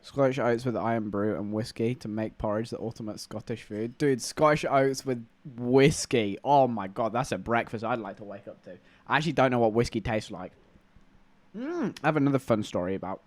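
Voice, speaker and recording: A man's voice: medium pitch, expressive, brisk, darkish tone, no echo. A man with an English accent, chatting casually and rambling to viewers on a live stream. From England.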